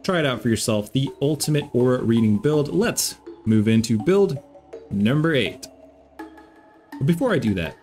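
Upbeat guy walking viewers through game builds, calls them guys, soft music in back. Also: mid-range voice, animated, moderate pace. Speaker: gaming YouTuber.

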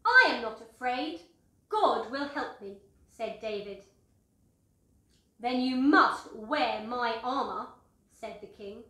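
Slow, bright-voiced woman telling a story. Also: on the high side, expressive, roomy sound. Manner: slow, acts out voices and sound effects. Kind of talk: expressive children's story reading.

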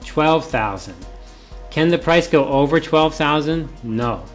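A man's voice: on the high side, animated, slow pace, faint music behind. A male professor giving a classroom lecture, often repeating key points and asking rhetorical questions.

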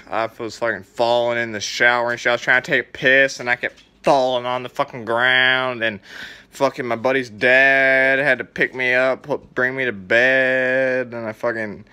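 A young man tells a story in a loose, rambling way, swearing often and piling on filler words. His voice has a mid pitch and a bright, sharp edge. He sounds animated and unpolished, like a casual vlog. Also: smooth. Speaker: vlogger telling stories.

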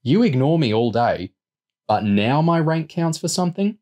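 A man's voice: on the low side, very animated, a little fast, a little mellow. Storybook teen lad, annoyed and protesting, a man reading him. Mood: irritated. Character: teenage boy, irritable.

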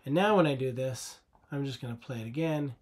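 A man's voice: medium pitch, fairly quick, husky. A man teaching a coding lesson over a screen recording, patient and conversational, often asking the viewer rhetorical questions.

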